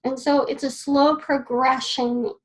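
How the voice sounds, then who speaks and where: A woman's voice: sits high, level tone, a little slow, low-quality recording. A woman teaching a class in an earnest, personal way, repeating key phrases as she writes notes on a board. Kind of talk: casual spoken lesson.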